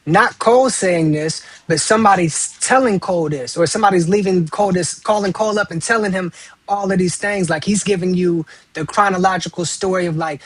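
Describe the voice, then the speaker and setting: A man in his thirties in casual chat, talking in animated slang and acting out quoted lines. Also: sits high, brisk, dry recording. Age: 30s. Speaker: podcast guest.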